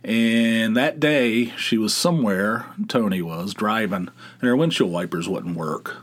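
A man's voice: lowish voice, unhurried. A man hosting his own podcast, telling stories in a casual, rambling way. He interrupts himself often and laughs at his own tales. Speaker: podcast host. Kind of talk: casual solo storytelling.

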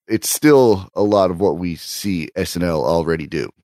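A man co-hosting a casual podcast with a lowish voice. He gives short, relaxed opinions on comedy sketches. The recording is dry and close. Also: moderate pace, no echo. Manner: laid-back, brief remarks. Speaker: co-host.

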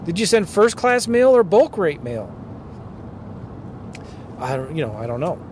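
Animated man ranting in a car. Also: a little high, a little slow, a little hiss or hum. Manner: animated, firing rhetorical questions. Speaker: podcast host, real estate investing coach. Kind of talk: ranting monologue.

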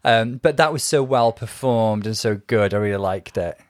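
Dry, measured man, close mic. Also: lowish voice, no room sound. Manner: measured, corrects details, dry asides. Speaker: podcast co-host. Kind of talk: casual chat.

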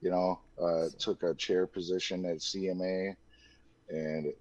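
Deep-voiced man, candid storytelling. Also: flat delivery, unhurried, a little mellow, no echo. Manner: loose and candid, with many fillers like "dude" and "like". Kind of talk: casual personal storytelling. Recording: dull lo-fi dry recording.

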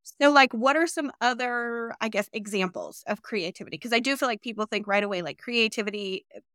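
A young woman hosting a casual interview, chatty and animated, peppering her talk with "like". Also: a little high, a little fast, clear, resonant tone, no room sound, clean studio sound. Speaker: podcast host.

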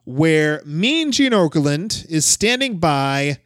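A casual man hosting a podcast, talking in a loose, chatty way and laughing as he goes. His voice sits a touch high. The sound is dry and close. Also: big pitch swings, slow pace, a bit bright, no echo. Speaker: podcast host. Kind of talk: casual chat.

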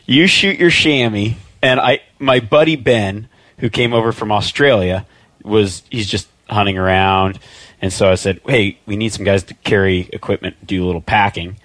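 A low-voiced man spins a hunting yarn with energy, jumping into the voices of the people in his story. The sound is dry and close, with no room around him. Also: normal speed, no echo. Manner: animated storyteller, acts out quoted voices. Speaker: podcast guest. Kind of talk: casual storytelling.

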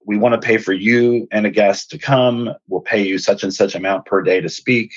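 Guy on a podcast telling a personal story, kinda husky, pretty low voice, dry dull sound. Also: normal speed, dry recording. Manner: earnest, animated retelling with quoted dialogue. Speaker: podcast host and speaker.

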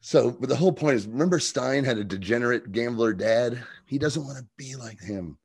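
Man, podcast co-host, casual recap chat, laughs a lot, mid-pitched voice. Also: a little fast, breathy edge. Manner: laughs often, acts out lines from the show.

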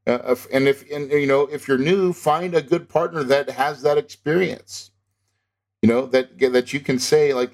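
A man teaching real estate investing in an emphatic, insistent way, often tagging his points with a quick "okay?". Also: mid-range voice. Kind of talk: instructional talk to an audience.

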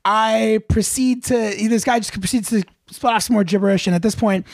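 A man's voice: high-pitched, steady tone, normal speed, no room sound, clean studio sound. A man co-hosting a podcast, telling a story in casual chat, acting out the people he quotes and often laughing. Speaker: podcast co-host.

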